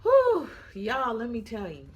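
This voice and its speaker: A woman's voice: fairly high pitch, huge pitch swings, measured pace. A young woman flight attendant chats casually to her viewers, tired and yawning, calling them y'all. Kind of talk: casual chat to camera.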